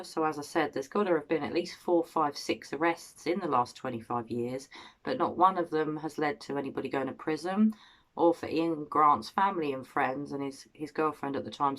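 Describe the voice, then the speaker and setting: A woman in her thirties with an English accent and a notably low, deep voice talks through a cold case as a vlogger. Her storytelling is casual and earnest, with a personal, heartfelt tone. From Cambridge, England. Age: 30s. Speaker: true-crime vlogger. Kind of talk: casual true-crime storytelling.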